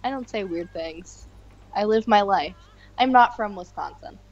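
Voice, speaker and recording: A woman's voice: medium pitch, a little slow, muffled recording. A woman co-hosting a podcast in casual chat, with sarcastic, playful banter.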